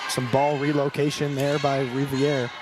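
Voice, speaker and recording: A man's voice: medium pitch, little pitch movement, moderate pace. A young man doing playful play-by-play commentary for a college volleyball match in a gymnasium. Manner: playful, joking banter. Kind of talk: live sports commentary. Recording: loud crowd and gym noise behind.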